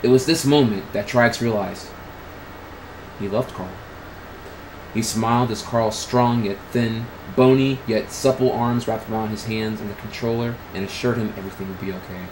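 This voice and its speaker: A man's voice: lowish voice, steady tone, moderate pace, darkish tone, slight background noise, poor audio. A man streaming, reading crude fan fiction aloud in a comedic way. He often laughs and stumbles over the words. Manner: breaks into laughter, crude and casual.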